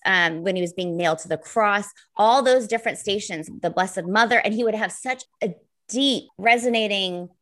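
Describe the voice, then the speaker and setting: Woman, mid pitch, earnest and rambling, telling a personal faith story in casual chat. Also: fairly bright tone. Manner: earnest, rambling, many fillers. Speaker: pilgrim sharing a story.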